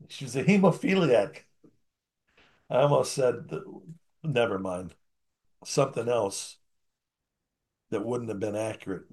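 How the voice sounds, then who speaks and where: A man preaching a sermon to his congregation, reading scripture aloud and commenting in a conversational way, moving between emphatic bursts and quiet asides. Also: medium pitch.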